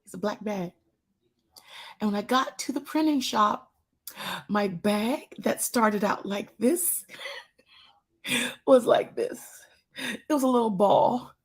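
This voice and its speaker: A woman hosting a live church show, telling a story as a testimony, animated and talking straight to her listeners, often repeating her phrases. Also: on the high side, slow, long pauses, breathy edge.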